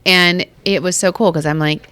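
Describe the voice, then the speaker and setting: A woman from Long Island with a New York accent, co-hosting a podcast in an animated, chatty way and laughing often. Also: on the low side, normal speed, clean tone, dry recording. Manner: animated, laughs often, talks over her co-host. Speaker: podcast co-host. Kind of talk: casual chat.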